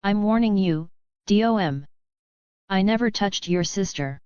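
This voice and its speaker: A woman voicing a laid-back, smooth-talking male mechanic with a dry, unflappable manner in a storybook reading. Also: mid-range voice, expressive, unhurried, a little mellow, no room sound, lo-fi sound, close to an everyday voice.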